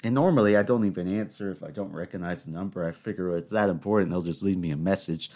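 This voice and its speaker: A man's voice: deep voice, fast, darkish tone. A man in his twenties hosting a solo podcast, rambling and self-mocking, rising into exasperated rants. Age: 20s. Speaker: podcast host. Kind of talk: casual solo podcast monologue.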